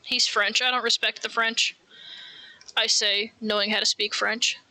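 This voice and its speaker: A woman's voice: fairly high pitch, flat delivery, measured pace, pushed and bright. An American woman streaming live while knitting, chatting casually in rambling, self-mocking asides.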